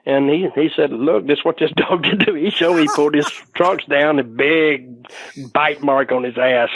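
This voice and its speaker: A man's voice: fairly high pitch, steady tone, moderate pace, breathy edge, dry recording. An older man casually telling a rambling anecdote, swearing freely and chuckling as he goes. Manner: rambling, salty, chuckling storyteller. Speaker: storytelling guest. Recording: noisy background.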